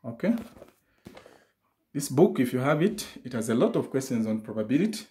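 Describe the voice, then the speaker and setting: A man's voice: mid-range voice, big pitch swings, normal speed, mellow, roomy sound, rough recording. A man teaching a maths lesson, explaining step by step, often restarting and repeating key phrases.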